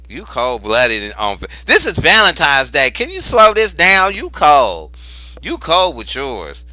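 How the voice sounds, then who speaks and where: Man, tarot reader, casual vlog, fairly high lively voice, dry sound, faint music behind. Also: a little slow, no echo. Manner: animated, exclaims and repeats phrases for emphasis; informal, cusses freely.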